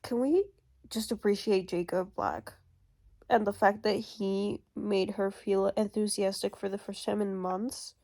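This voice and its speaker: A young woman vlogging her reactions to a book, emotional and swearing freely, moving between loud outbursts and low muttering. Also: steady tone, unhurried, gravelly. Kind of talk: casual reading vlog reaction.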